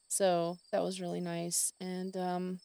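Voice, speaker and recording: A woman's voice: fairly low pitch, vocal fry, dark tone, smooth. A middle-aged woman hosting a podcast, talking candidly and rambling in a casual monologue full of fillers and retold conversations. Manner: rambling, candid, with many fillers and quoted dialogue. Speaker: podcast host.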